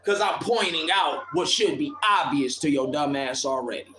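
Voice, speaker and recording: A man's voice: fairly high pitch, normal speed, bright, forceful tone, slight background noise. A man on a livestream delivering an impassioned, preachy rant, profane and confrontational toward his viewers. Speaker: livestream commentator. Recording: echoey room with music beat. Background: instrumental beat playing.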